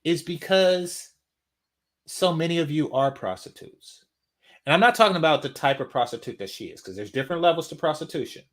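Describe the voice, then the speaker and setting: A man's voice: fairly high pitch, lively intonation, fairly quick. A man hosting a reaction commentary, ranting and mocking, repeating his points for emphasis. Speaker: commentary channel host.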